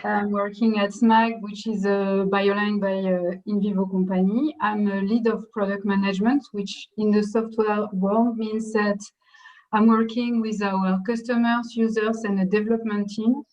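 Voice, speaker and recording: A woman with a French accent introduces herself to an online panel, pausing with frequent uhs. Her delivery is plain and steady. The audio is dull and lo-fi. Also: mid-range voice. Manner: hesitant, many fillers. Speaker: product manager.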